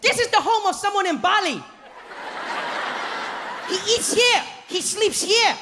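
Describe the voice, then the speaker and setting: A bubbly, overeager tour guide, put on by a man in a high, sing-song voice. He announces every small thing with delighted excitement. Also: a little slow, in a large hall, noisy background, heavily acted. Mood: overexcited.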